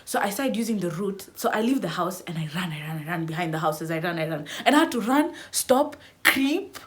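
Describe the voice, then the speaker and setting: A young woman vlogger telling a dramatic storytime, squealing into high cries as she acts out her panic. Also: lively intonation, brisk. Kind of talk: animated storytime.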